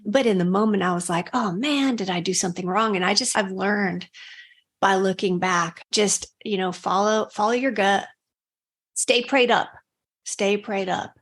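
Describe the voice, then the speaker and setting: A woman's voice: mid-range voice, fairly even intonation. A woman guest on a talk show, sharing personal faith stories in an earnest, casual way. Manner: earnest, storytelling, quick bursts. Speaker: podcast guest.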